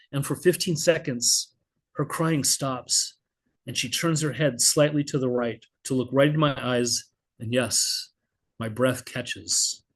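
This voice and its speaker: This middle-aged poet, voice in the middle range and pace slow, performs his own poems on a video call. The delivery is expressive spoken word, blunt and vivid, and he swears now and then.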